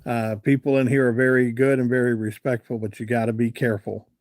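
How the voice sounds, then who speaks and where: A man's voice: medium pitch, little pitch movement, brisk, darkish tone, no echo. A middle-aged man from hosts a casual live stream. He drifts through long folksy tales, stopping to read and answer comments from viewers. His mid-range voice sounds close and dry. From Virginia, USA. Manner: rambling, folksy storyteller who reads out and answers viewer comments.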